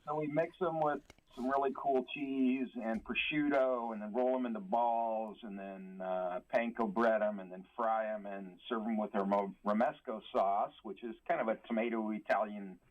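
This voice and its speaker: Brief: male chef on the phone, husky, dull lo-fi line, relaxed and joking. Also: fairly low pitch, moderate pace, hardly any pauses. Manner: easygoing, chatty, joking. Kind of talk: casual phone interview.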